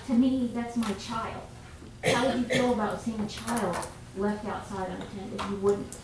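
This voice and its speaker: A woman's voice: medium pitch, fairly even intonation, normal speed. A woman giving an emotional public comment at a city council meeting. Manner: emotional, heartfelt. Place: council chamber. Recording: echoey chamber, far from mic, faint noise.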